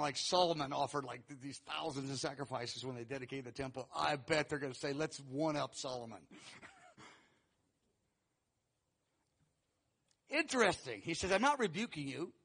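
A man preaching a sermon, teaching verse by verse and acting out quoted lines with animated, rising emphasis. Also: sits high, breathy edge. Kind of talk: sermon teaching through scripture.

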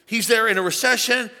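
A man preaching an animated sermon to a church congregation, calling on them to shout along. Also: very high-pitched. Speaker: pastor. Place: large church auditorium. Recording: long hall reverb.

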